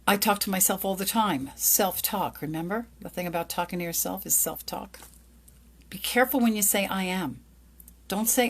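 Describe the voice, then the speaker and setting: A middle-aged woman and lawyer hosting a motivational talk, upbeat, acting out little dialogues in a brighter voice. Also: medium pitch, normal speed. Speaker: lawyer and podcast host. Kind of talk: motivational monologue.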